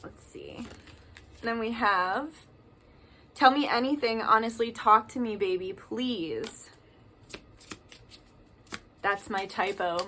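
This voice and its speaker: Chatty young woman doing a card reading, bright kinda high voice. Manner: chatty, reads card messages aloud with emphasis. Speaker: tarot card reader. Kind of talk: casual tarot reading.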